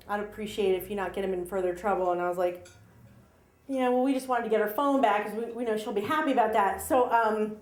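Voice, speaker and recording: A middle-aged woman telling a story on stage at a live story slam, chatty and animated, acting out the voices of the people in it. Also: high-pitched. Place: small live venue with audience. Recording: roomy live venue sound.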